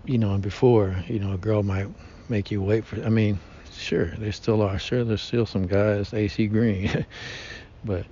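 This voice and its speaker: A man holds forth in a slow, rambling monologue, stumbling over fillers and slang. His voice sits low and mellow. The recording is dull and lo-fi, with a faint rumble underneath. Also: steady tone. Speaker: podcast host. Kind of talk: casual monologue.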